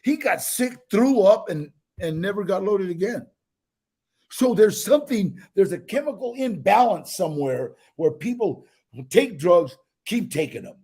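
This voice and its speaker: An older man telling his own life stories in a casual interview, animated, with many restarts and acted-out quotes. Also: high voice, measured pace, slightly rough. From United States.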